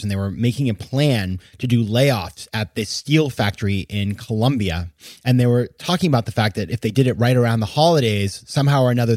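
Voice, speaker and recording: A man's voice: lowish voice, a little mellow, no echo, studio quality. A man hosting a podcast, giving an indignant, emphatic opinion monologue with bursts of incredulous laughter. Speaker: podcast host.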